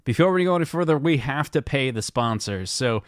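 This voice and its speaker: Man, mid pitch, joking casual chat, mock ad read, dry. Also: animated, fairly quick, dry recording. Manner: joking, mock sponsor reads. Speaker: podcast co-host.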